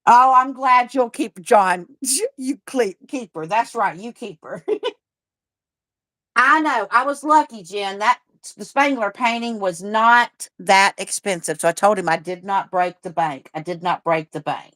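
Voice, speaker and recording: Answering viewer comments as she hosts a livestream, this woman rambles chattily in a drawl, often restarting her sentences. She has a medium-pitched, fairly bright voice, speaks in an unhurried way, and the audio has no echo.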